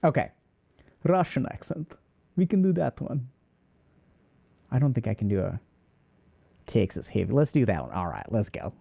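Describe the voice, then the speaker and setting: A man's voice: fairly low pitch, sing-song, moderate pace, creaky, long pauses, dark tone, breathy edge. A man hosting a casual livestream, reading out and answering chat questions in a loose, rambling way.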